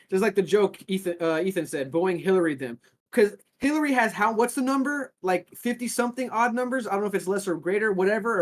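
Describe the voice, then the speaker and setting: A man co-hosting a podcast, talking casually in long rambling runs with frequent restarts and a gloomy, nihilistic outlook. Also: sits high. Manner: rambling, self-described nihilistic, restarts often. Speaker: podcast co-host.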